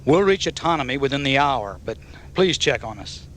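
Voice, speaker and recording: A man doing a calm cold tough guy. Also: medium pitch, normal speed, slight background noise, voice pushed up. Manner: calm, clipped.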